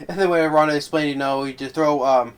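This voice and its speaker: A man giving a casual, rambling film commentary, halting and stumbling over his words. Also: fairly high pitch, fairly even intonation, clear, resonant tone. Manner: rambling, halting, laughs often. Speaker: fan commentator.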